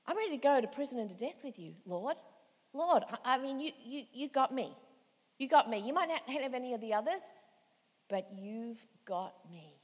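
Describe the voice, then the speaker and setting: A woman's voice: high voice, expressive, normal speed, darkish tone. A woman preacher voicing an earnest male disciple who vows loyalty, in a reverberant hall. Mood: pleading.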